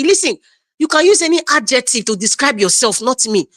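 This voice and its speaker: A Nigerian woman giving emotional, forceful political commentary, full of rhetorical questions and repetition. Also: very high voice, lively intonation, quick pace, no room sound. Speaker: panel commentator.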